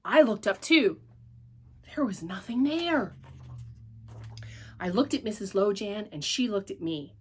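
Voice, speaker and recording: A woman reading a children's story aloud at church with an expressive, animated delivery. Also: medium pitch, unhurried, long pauses, slight background noise.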